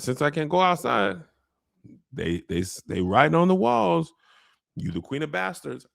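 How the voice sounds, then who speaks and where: A man's voice: medium pitch, vocal fry, a bit bright, heavily acted. A man voicing a whiny, dim young male dragon rider who sulks and fawns in a raised voice. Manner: whiny, sulking, fawning.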